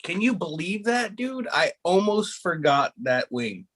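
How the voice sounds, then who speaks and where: A man's voice: high-pitched, sing-song, measured pace, a bit bright, slight background noise. A man hosting a casual video call chat, telling stories with many restarts and poking fun at himself. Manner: rambling storyteller with many restarts; self-mocking. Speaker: host.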